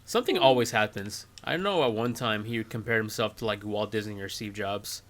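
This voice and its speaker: A woman's voice: a bass voice, slight background noise. A woman co-host in casual chat, reacting with jokes. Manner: joking, quick reactions. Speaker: podcast co-host.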